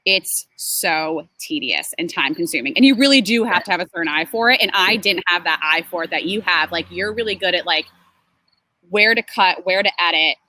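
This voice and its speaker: Bright, chatty woman in her twenties. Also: lowish voice, expressive, fairly quick, poor audio. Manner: chatty, laughs often, lots of fillers like um and like. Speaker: creative and design manager, interviewee. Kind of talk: casual interview.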